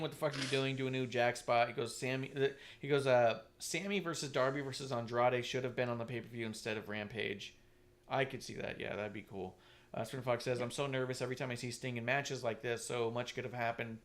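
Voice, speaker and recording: A man co-hosting a casual talk stream, animated and profane, who often mimics others in a mocking voice. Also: mid-range voice, fairly quick, slight background noise. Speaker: podcast co-host. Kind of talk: casual chat. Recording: online stream.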